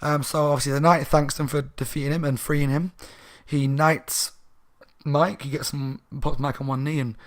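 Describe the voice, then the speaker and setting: A man's voice: on the high side, level tone, normal speed. A slightly drunk man casually recapping a children's horror book for his channel, rambling and correcting himself as he goes. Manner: rambling, chatty, self-correcting. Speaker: book reviewer, channel host.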